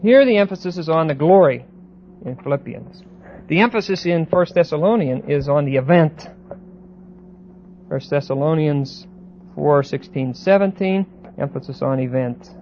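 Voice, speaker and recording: A man lecturing a Bible class, pausing and repeating words and often checking that students follow. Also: a little high. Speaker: Bible teacher. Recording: dull lo-fi recording with faint hiss.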